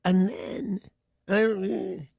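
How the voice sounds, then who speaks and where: A man's voice: high-pitched, level tone, very slow, vocal fry, a little mellow, no room sound, clean studio sound. A man hosting a radio show, telling rambling stories in casual banter and laughing often.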